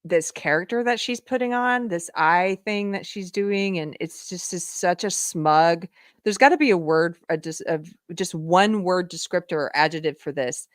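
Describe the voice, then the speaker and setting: Low-voiced woman hosting a livestream. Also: normal speed, no room sound, studio quality. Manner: chatty, laughs often, talks to viewers. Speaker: livestream host. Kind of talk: casual livestream commentary.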